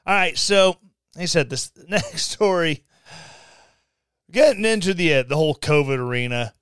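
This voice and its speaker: Sarcastic high-voiced male podcast host. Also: normal speed, fairly bright tone, clear, resonant tone, no echo. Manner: sarcastic, reads articles aloud with mocking asides. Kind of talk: casual commentary.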